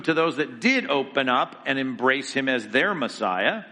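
A man's voice: medium pitch, big pitch swings, normal speed, pushed and bright, big-room sound. A man giving a theology lecture to a class, emphatic and conversational, asking the students questions as he goes. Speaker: Bible teacher.

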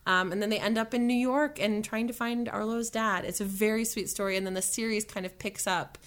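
A woman's voice: medium pitch, steady tone, fairly quick, smooth. A chatty young woman talking as a guest in an interview. She is bubbly and laughs often, and she fills her talk with likes and you-knows. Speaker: musician and voice actor guest. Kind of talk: casual interview chat.

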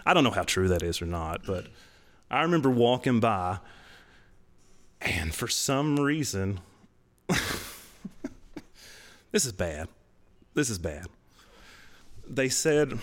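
A man, telling his testimony in casual podcast talk, animated and laughing, his voice jumping way up for emphasis. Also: mid-range voice, takes it slowly, pauses often. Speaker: podcast co-host.

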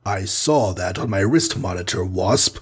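A man voicing a cruel, mocking alien villain in a storybook reading, with a husky voice. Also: mid-range voice, lively intonation, unhurried, exaggerated voice. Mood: gloating. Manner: commanding, mocking. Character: sinister alien male villain, gloating and cruel.

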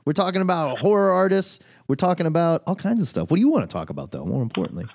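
Lively, playful male talk show host. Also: a little high, quick pace, creaky. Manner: animated, playful, acts out quotes. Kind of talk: casual talk show chat.

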